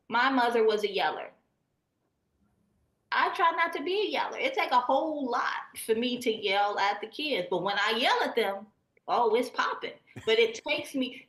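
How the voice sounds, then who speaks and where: A woman in her forties, a guest on a live talk show, speaking in an earnest, measured way with fillers like um. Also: fairly high pitch, a bit bright, echoey room, poor audio.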